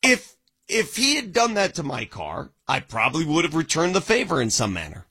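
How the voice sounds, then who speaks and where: A man's voice: on the high side, wildly swooping pitch, moderate pace, pushed and bright, slightly rough. A man co-hosting a sports radio show, pressing with question after question. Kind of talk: casual radio banter.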